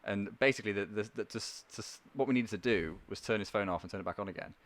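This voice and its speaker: A man, a podcast guest telling stories in a quick, laughing way, with frequent restarts. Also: fairly low pitch, fairly bright tone. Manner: rapid, laughing storyteller with many restarts. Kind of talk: casual chat.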